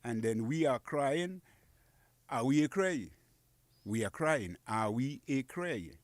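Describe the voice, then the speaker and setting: A man's voice: medium pitch, expressive, slow, no echo. A man, casually teaching dialect phrases on a radio show, patiently repeating each phrase. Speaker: guest teaching Kokoy dialect. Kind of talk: casual radio language lesson. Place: radio studio.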